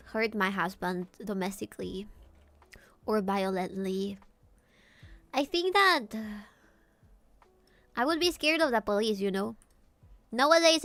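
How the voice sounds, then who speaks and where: A woman's voice: mid-range voice, fairly bright tone, no room sound. A woman streamer chatting casually and jokily while she sketches, thinking aloud as she goes. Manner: playful, jokey, thinking aloud.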